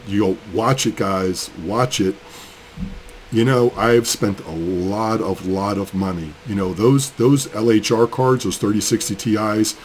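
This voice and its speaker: A man's voice: on the low side, a little mellow, slight background noise. A man, fired up and ranting in a casual vlog while building a mining rig, sick with a cold. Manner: angry, fired up, rambling. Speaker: crypto mining channel host.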